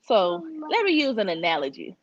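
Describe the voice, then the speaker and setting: A woman's voice: mid-range voice, wildly swooping pitch, moderate pace, highs cut off. A woman in casual talk show chat, explaining her point through an everyday analogy.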